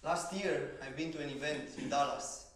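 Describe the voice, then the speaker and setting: A man with a Romanian accent telling his life story as a motivational speaker, slow and dramatic, rising to shouts at the peaks. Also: fairly high pitch. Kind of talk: personal story speech. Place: large event hall on stage. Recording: echoey hall from far off, faint noise.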